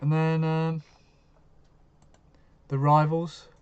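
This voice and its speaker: A man's voice: on the high side, level tone, very slow, darkish tone, clean tone, muffled recording. A man hosting a live stream, chatting casually and answering viewers' comments as he goes.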